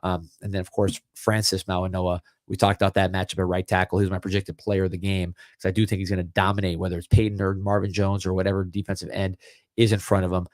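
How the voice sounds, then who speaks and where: A middle-aged man with a low voice talks fast, hosting a live sports podcast. He chats in a relaxed, casual way and repeats words as he gathers his thoughts. The recording is dry with clean studio sound.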